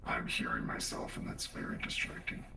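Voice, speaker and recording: A rumbling deep menacing voice. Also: male voice, moderate pace, gravelly, crowd noise, heavily acted. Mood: gravelly. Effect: voice changer, deep pitch-shifted. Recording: noisy home mic.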